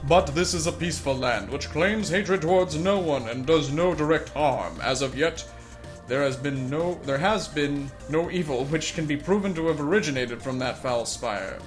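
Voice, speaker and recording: A man's voice: fairly high pitch, expressive, moderate pace, close to an everyday voice. A man voicing a male king holding court, grand and declaiming, over background music.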